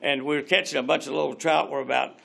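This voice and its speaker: An older man, telling rambling, animated fishing stories as an interview guest. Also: a little high, fast, gravelly. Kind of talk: casual storytelling interview.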